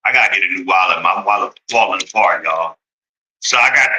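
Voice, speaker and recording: A man's voice: on the low side, lively intonation, moderate pace, bright, forceful tone, rough recording. A man venting to his viewers in a heated story, exasperated and swearing freely, with sudden mocking outbursts.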